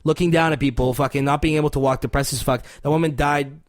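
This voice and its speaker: A man's voice: fairly high pitch, fairly even intonation, fast talker. A young man from Cuba, a podcast guest, telling stories in a loose, profane, slang-filled way. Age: young adult. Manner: profane slangy storytelling, fillers like bro and dude. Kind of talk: casual chat.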